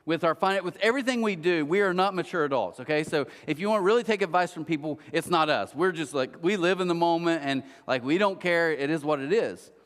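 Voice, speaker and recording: A man's voice on the high side moves a little fast with few pauses. He's a middle-aged pastor giving a conversational sermon in a church auditorium, telling stories, poking fun at himself, and speaking directly to listeners, all under long church-hall reverb.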